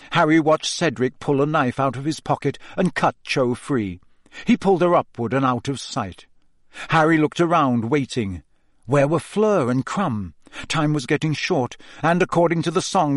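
A man giving a measured, expressive scripted narration of a fantasy novel. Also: mid-range voice, no room sound, studio quality. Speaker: audiobook narrator.

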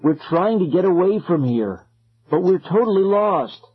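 Give me an anxious lost boy, played by a man with a husky, dull-sounding voice. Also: medium pitch, sing-song, moderate pace, exaggerated voice. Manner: anxious, hushed. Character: Ben, nervous lost boy.

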